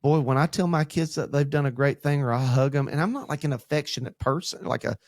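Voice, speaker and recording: Speaking fast in a slightly high voice, a pastor in training co-hosting a church podcast rambles through animated stories about his children, acting out what people said. The conversation is a casual talk about faith, recorded with clean studio sound and no echo.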